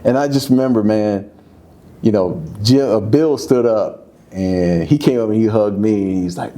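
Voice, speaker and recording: A man in his fifties, a former football player, telling stories in a candid, casual interview, his voice jumping high when he gets excited. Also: brisk. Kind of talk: candid conversational storytelling.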